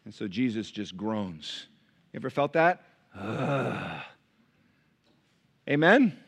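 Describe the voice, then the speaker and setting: A pastor preaches a sermon to his church congregation at a moderate pace. He's animated, swinging between loud emphasis and hushed, low passages.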